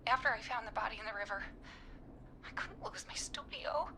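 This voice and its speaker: A jittery guilty studio owner. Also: female voice, a little high, fairly even intonation, rapid-fire, vocal fry, pushed and bright, a little hiss or hum. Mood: nervous. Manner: hesitant, anxious. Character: nervous guilt-ridden woman studio owner.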